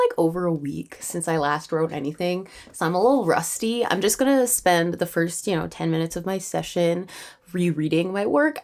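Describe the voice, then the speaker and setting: Chatty young woman, low-pitched. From Canada. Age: 20s. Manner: chatty, with many fillers and light laughs. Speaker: writing vlogger. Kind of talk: casual vlog narration.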